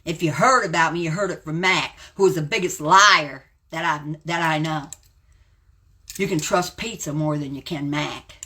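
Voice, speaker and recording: A woman's voice: deep voice, moderate pace, bright, forceful tone. A woman in her seventies hosting a live stream, ranting bluntly and calling people out by name. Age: 70s.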